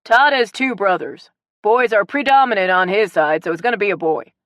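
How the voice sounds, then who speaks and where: A woman voicing a stubborn, joking older father in an audiobook, loud and full of teasing bravado. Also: mid-range voice, fairly quick, dry recording, studio quality, voice pushed up, lightly acted. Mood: blustery.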